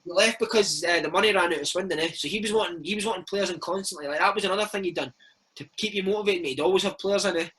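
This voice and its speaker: Racing through his stories, this Scottish ex-footballer in his thirties speaks in a high-pitched, husky voice with a fairly bright tone. In a casual interview he chats away, sprinkling in plenty of "mate" and "man", on a low-quality recording.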